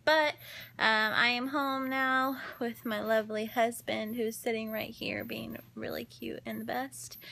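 A woman's voice: fairly high pitch, gravelly, a bit bright. A young woman chatting casually to her phone camera from her living room couch at home, upbeat and giggly. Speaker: daily vlogger. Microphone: phone camera held close.

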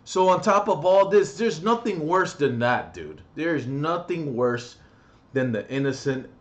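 A young man ranting angrily on his vlog, profane and agitated, with sudden loud outbursts. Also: fairly high pitch, very animated, unhurried. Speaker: vlogger.

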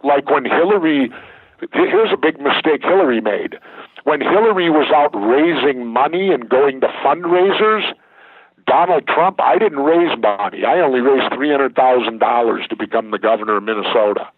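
A man's voice: medium pitch, animated, normal speed, husky, dry recording. An older man, a former governor, talking bluntly and emphatically as an interview guest. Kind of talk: candid interview talk. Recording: tinny phone line, dry.

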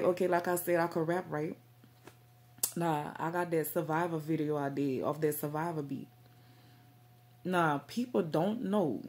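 A woman's voice: low-pitched, darkish tone. A woman vlogging straight to camera about faith and herself, rambling and stumbling over her words with lots of fillers. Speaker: Christian vlogger. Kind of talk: casual direct-to-camera talk.

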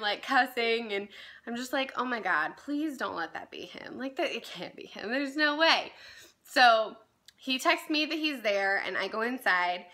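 A young woman tells a story to her vlog audience in an easygoing, rambling way. Her voice is fairly high and bright. She fills her talk with "like" and "um" and laughs at herself. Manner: chatty, many fillers like "like" and "um", laughs at herself. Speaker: vlogger.

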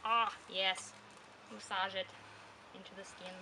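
A woman's voice: mid-range voice, flat delivery, unhurried. A woman demonstrating a recipe at an outdoor grill, chatting casually and joking with the food as she works. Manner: goofy, talks to the food. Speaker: home cook demonstrating a recipe. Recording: outdoor wind and ambient noise.

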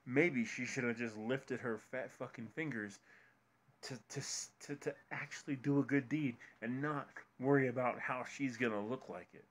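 A man ranting in open fury during a reaction commentary. His voice sits at an ordinary middle pitch, and he swears hard as he raises it against someone. He keeps pushing the attack without pause. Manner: furious ranting, heavy swearing. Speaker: commentary co-host.

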